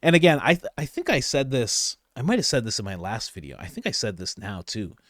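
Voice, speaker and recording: A man's voice: medium pitch, sing-song, brisk, a bit bright, no room sound. Exasperated man ranting in a dry room. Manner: ranting, exasperated, laughs at own slips. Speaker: political commentator. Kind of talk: political commentary vlog.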